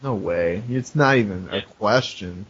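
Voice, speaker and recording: A man's voice: on the low side, unhurried, fairly bright tone, slightly rough, dull audio. A man co-hosting a podcast, arguing back in casual chat and swearing freely. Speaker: podcast co-host.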